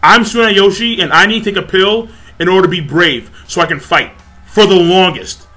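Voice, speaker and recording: A man's voice: high voice, normal speed, sharp tone. A man voicing a timid young male hero who needs help to be brave, in a mocking paraphrase.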